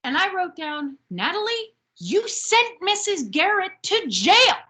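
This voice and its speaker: A woman recaps a TV episode on a podcast in a high, animated voice that climbs and drops all over. She talks at an unhurried pace with a bright tone and acts out the characters' lines as she goes. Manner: animated, acts out quotes from the show. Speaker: podcast co-host. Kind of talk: casual recap chat.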